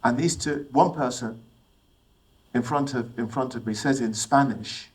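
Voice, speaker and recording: A middle-aged man from England speaks to a room of young people, moving from one personal story to the next. His voice sits at an ordinary mid pitch, and he keeps turning to his listeners with questions. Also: a little slow, rough recording. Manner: storytelling, asks the audience questions. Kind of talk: motivational talk with personal stories.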